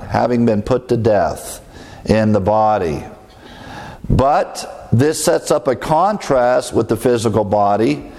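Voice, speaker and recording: A man's voice: medium pitch, darkish tone. A man preaching an expository Bible lesson, explaining Greek terms and asking questions he answers himself. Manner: asks rhetorical questions and answers them himself; explains Greek words, with filler pauses.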